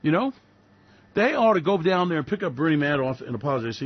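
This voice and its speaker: A man's voice: on the high side, sing-song, quick pace, dry recording, highs cut off. A man hosting a radio show, ranting in a sarcastic, profane, mocking way. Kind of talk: solo financial commentary rant.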